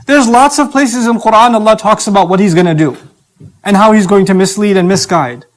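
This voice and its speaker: A man's voice: sits high, brisk. A man preaching a sermon in a conversational, emphatic way, with chatty asides.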